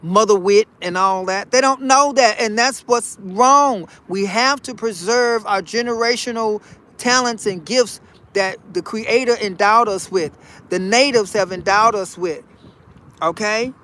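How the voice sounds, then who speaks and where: A man with a notably high voice talks straight to his viewers in a loose, preachy monologue. He is folksy and animated, circles back over his own phrases, and sprinkles in honey and y'all. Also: measured pace. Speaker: vlogger. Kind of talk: casual spiritual monologue.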